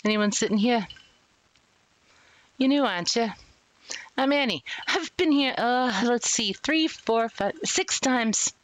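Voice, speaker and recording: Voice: medium pitch, expressive, takes it slowly, long pauses, a bit bright, no room sound, voice pushed up, poor audio. A streamer voicing a tough, chatty young female inmate in a video game, with a put-on New York accent. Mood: brash. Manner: brash, rambling.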